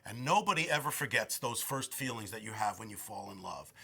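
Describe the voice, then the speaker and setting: Effusive bright-voiced man in his sixties. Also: on the low side, lively intonation, brisk, gravelly, breathy edge. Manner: effusive, rambling with restarts. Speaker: film director. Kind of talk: interview answers.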